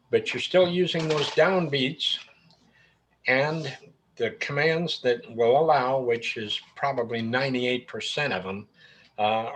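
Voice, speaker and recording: A square dance caller taking part in a video-call discussion, demonstrating calls by counting and chanting the beats. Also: male voice, medium pitch, a bit bright, slight background noise, rough recording. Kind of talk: online group discussion.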